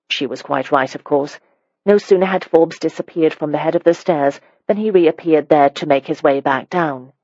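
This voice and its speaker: Audiobook narration, measured storytelling, wry, dry close sound. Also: mid-range voice, a little mellow, no room sound, dull audio. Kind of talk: scripted narration of a period romance.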